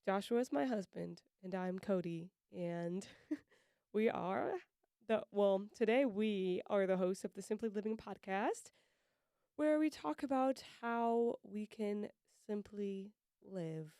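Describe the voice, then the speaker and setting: A woman's voice: medium pitch, slow, mellow, smooth, no room sound, studio quality. A woman co-hosting a casual faith podcast, thinking aloud, trailing off and laughing often. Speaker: podcast co-host.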